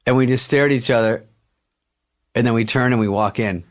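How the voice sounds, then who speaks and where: Male guest, dry wry raconteur, casual cursing, mid-range pitch. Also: fairly quick. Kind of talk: casual storytelling anecdote.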